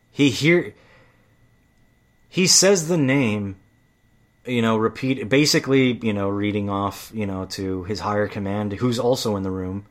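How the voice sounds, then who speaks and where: A man's voice: fairly low pitch, measured pace. Heated, profane man telling stories. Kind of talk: casual monologue.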